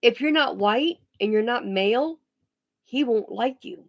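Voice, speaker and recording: A woman's voice: on the high side, lively intonation. A woman ranting bluntly on a casual vlog, swearing freely and often restarting her sentences. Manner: blunt, profane, emphatic; halting restarts and pauses. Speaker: vlogger.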